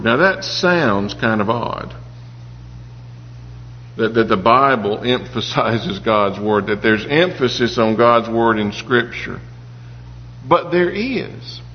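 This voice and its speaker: In a reverberant hall with dull sound and a faint hum, a man preaches slowly and animatedly at a medium pitch. His sermon is earnest and personal, drawing on stories from his life, with occasional restarts.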